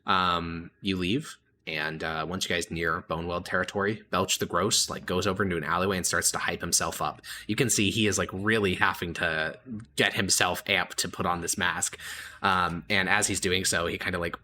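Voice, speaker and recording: A man's voice: sits low, steady tone, normal speed, sharp tone, a little hiss or hum. A young man narrating as game master in a casual, hesitant way with many fillers.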